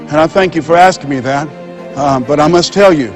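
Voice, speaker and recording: A man's voice: on the high side, fairly quick, faint music behind. A man giving a motivational speech, telling stories and acting out dialogue with emphatic, preacher-like repetition. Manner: storytelling, acting out quoted dialogue. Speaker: motivational speaker.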